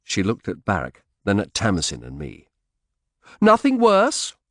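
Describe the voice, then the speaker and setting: Deep, expressive male audiobook narrator. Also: moderate pace, vocal fry, no room sound, studio quality. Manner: expressive, dramatic storytelling. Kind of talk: first-person audiobook narration.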